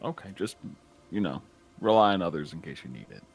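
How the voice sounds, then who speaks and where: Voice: extremely low pitch, big pitch swings, quick pace, vocal fry, husky, faint music behind. Playful joking tabletop player. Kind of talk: casual tabletop banter.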